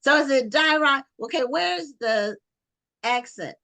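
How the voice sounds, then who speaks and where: A woman hosts an interview show, her voice slightly high and friendly. She asks questions with curiosity and keeps the talk moving with quick affirmations. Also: expressive, pushed and bright. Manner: friendly, inquisitive, affirming with okays. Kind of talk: interview conversation.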